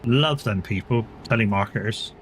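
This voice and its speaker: A man's voice: fairly low pitch, moderate pace, a little hiss or hum. A man streaming a driving game and chatting casually, rambling through stories and acting out the people he quotes. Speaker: gaming streamer. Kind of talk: casual live-stream chat while playing.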